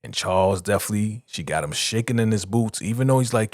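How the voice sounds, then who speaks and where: A low-pitched man talks through a TV episode in a loose, animated recap, jumping in and out of the characters' lines. The sound is dry and close, with no room around it. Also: dry recording. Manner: animated retelling, quoting characters in quick bursts. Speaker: show reaction host.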